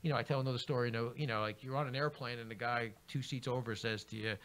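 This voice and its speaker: A man's voice: mid-range voice, fast. A middle-aged man, a book author, telling work stories as a radio guest and acting out the dialogue. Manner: animated, acts out quoted dialogue. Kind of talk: interview storytelling.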